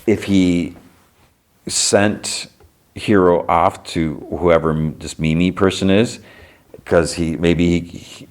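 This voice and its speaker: A man's voice: low voice, darkish tone. A man hosting a podcast, casually retelling a TV episode in a rambling way, full of fillers and quoted lines. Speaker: podcast host.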